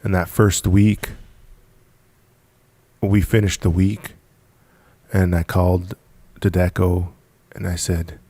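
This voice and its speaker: Low gravelly guy, dry close sound, chatty guest who repeats himself for emphasis. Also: level tone, slow, pauses often, dark tone, no echo. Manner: emphatic, repeats words, laughs often. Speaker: podcast guest, business founder. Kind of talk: casual storytelling.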